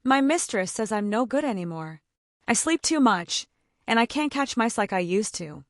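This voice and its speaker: Scruffy, lonely old cat for a storybook, soft and sighing, voiced by a woman. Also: a little high, animated, normal speed, no echo, studio quality.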